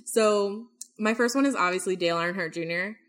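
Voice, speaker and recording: A woman's voice: medium pitch, fairly quick, a bit bright. A young woman co-hosting a podcast, chatting casually with lots of fillers and swearing. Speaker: podcast co-host. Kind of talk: casual chat.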